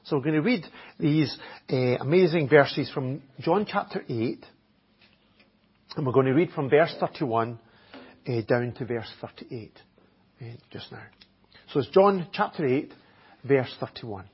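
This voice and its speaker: Pastor, conversational sermon delivery; husky, a little high; dull church recording. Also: male voice, animated, a little slow, pauses often. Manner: conversational preaching, with "eh" fillers and Bible reading. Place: church hall.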